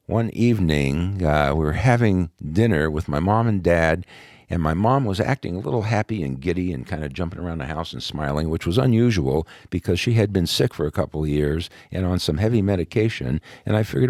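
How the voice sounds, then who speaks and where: A man with a very low, deep voice tells his personal testimony as a podcast guest. He is from New York and talks in an easygoing, conversational way, with plenty of "uh" fillers. The sound is close and dry. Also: lively intonation, moderate pace, no echo. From New York, USA. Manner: conversational, with frequent "uh" fillers and soft laughs.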